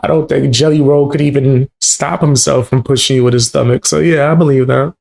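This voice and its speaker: A man's voice: mid-range voice, fairly even intonation, fairly quick, vocal fry, a little mellow. A man hosting a casual reaction commentary, blunt and incredulous about what he hears. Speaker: commentary host.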